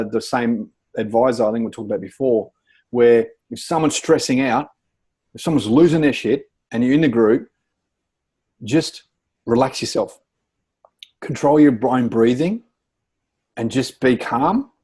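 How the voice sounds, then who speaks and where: A man's voice: mid-range voice, dark tone, slightly rough. A man co-hosting a podcast, chatting casually and often restarting his sentences with repeated words. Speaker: podcast co-host. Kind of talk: casual chat.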